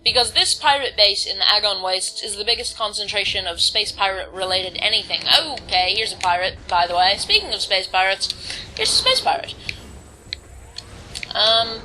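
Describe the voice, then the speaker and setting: A woman's voice: mid-range voice, normal speed, sharp tone, poor audio. A woman casually commenting on her gameplay, reading on-screen text aloud and stumbling over words now and then. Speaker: let's play host.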